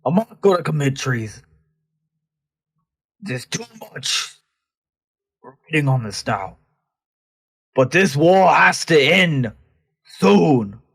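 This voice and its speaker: A man playing his character in a tabletop game, speaking gruff and firm. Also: fairly high pitch, animated, takes it slowly, pauses often, fairly bright tone. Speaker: player.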